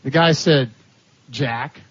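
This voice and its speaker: A man's voice: mid-range voice, takes it slowly, fairly bright tone, husky. A man preaching a sermon, telling stories with animation, laughing and acting out the voices of the people in them. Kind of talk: sermon storytelling. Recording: dull lo-fi sermon recording.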